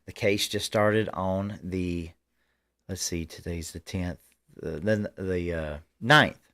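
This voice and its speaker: Fervent low-voiced man. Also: takes it slowly, bright, forceful tone. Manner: fervent, rambling, frequent restarts. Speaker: host. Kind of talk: political commentary livestream.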